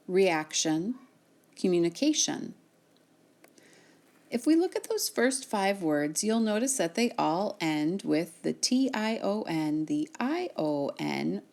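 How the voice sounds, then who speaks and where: Slow, lively woman teacher. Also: mid-range voice. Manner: slow, clear, sounding out words for students. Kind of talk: recorded reading lesson.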